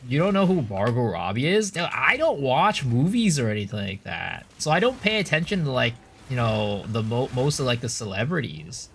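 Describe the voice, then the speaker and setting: American dude streaming, rambles and talks back to chat, voice jumps up and down. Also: male voice, medium pitch, big pitch swings, normal speed, creaky, hardly any pauses, a bit bright, slight background noise. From United States. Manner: rambling, restarts, reads and answers chat.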